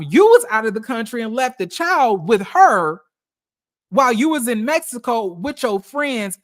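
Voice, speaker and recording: A man giving casual, animated celebrity gossip commentary, sassy and profane, reading text messages aloud and reacting to them. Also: high voice.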